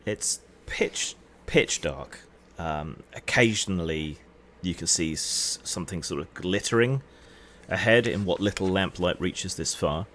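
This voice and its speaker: Male game master, low voice, unhurried scene-setting narration. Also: slight background noise. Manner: relaxed, descriptive, hedging with "sort of". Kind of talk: narrating a tabletop game online.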